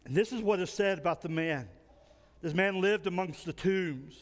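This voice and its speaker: A man with a high voice preaches in a big church whose sound rings on with long reverb. He tells his stories vividly and acts out the people in them, pausing in short phrases for an interpreter. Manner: storytelling, acts out dialogue. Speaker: pastor. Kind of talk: sermon with an interpreter. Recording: long reverb in a large hall.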